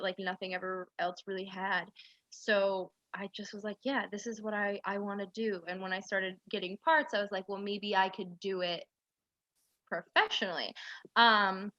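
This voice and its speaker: Young woman guest, bright and tense, rambling and full of fillers; dry, dull recording. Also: medium pitch, dry recording. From central New York. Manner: rambling storytelling with many "like" fillers. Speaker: guest, aspiring actress. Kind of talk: casual interview chat.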